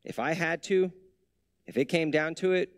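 A man preaching a sermon as a pastor, in a conversational way with many rhetorical questions, dropping soft and low for tender lines. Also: normal speed, clear, resonant tone, no room sound.

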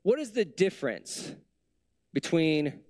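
Higher-voiced man preaching a conversational sermon. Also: big pitch swings, slow pace, darkish tone, no echo, studio quality. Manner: conversational preaching with many rhetorical questions. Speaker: pastor.

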